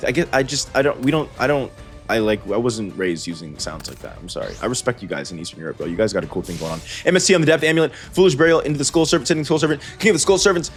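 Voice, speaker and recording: A man's voice: medium pitch, lively intonation, very fast. Guy calling card game duels, rambles, cuts himself off, wry little jokes, faint music under him. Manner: rambling, self-correcting, wry asides. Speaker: host and commentator. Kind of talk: gameplay commentary.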